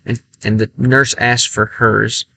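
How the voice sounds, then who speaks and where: A man streaming a game, chatting casually and thinking aloud in a halting, self-correcting way. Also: medium pitch, flat delivery, vocal fry, bright, forceful tone, poor audio. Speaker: language-learning streamer. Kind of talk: casual livestream chat while gaming.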